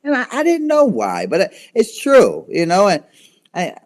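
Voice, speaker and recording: A man in his thirties, guesting in an interview, tells his own story frankly in a high voice with wildly swooping pitch. He halts and stumbles over repeated words, then turns intense and emphatic to drive a point home.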